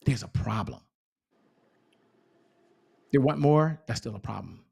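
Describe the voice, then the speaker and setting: A man's voice: mid-range voice, expressive, unhurried, vocal fry, darkish tone, breathy edge. A man speaking as a guest sales coach, giving an enthusiastic motivational talk full of emphatic repetition.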